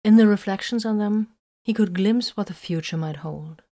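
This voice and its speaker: A woman narrating a story in a steady, measured reading. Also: medium pitch. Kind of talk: audiobook narration of fan fiction.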